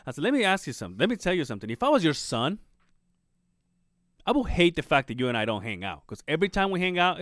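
A man co-hosting a podcast, chatting casually and telling a story full of quoted back-and-forth. His pitch leaps high and drops low as he acts out each person. He sits close to the mic in a dry room with no echo. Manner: animated storyteller acting out quoted people, swearing freely. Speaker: podcast co-host.

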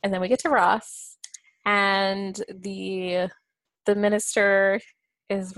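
A woman's voice: medium pitch, takes it slowly, dry recording, low-quality recording. A woman hosting a podcast, retelling a sitcom episode in a casual chat and acting out the characters' lines. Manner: animated retelling, quotes characters with shifting voices. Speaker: podcast host.

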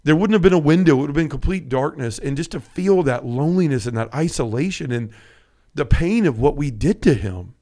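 A man's voice: on the high side, lively intonation, a little fast, mellow. A man hosting a podcast, talking earnestly and emotionally about a pilgrimage, reading scripture aloud and rambling with restarts. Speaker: podcast host. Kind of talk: casual conversation about a pilgrimage.

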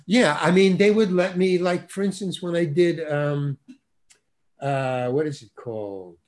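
Animated man with a higher voice. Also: a little slow. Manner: animated storyteller, restarts, punchy interjections. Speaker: actor guest telling a story. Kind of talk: casual anecdote.

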